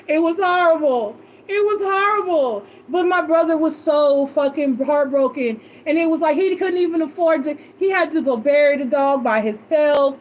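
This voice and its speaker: Brief: high-pitched woman reader, loose emotional chat, salty language. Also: moderate pace, hardly any pauses, slight background noise. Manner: animated, emotional and swearing freely. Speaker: tarot reader. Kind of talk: casual storytelling chat.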